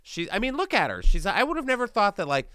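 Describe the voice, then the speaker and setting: Podcast host, man, lively storyteller, smooth clear voice, dry close sound. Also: sits high, fast talker, no echo. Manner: animated storytelling with playful asides. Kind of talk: casual chat.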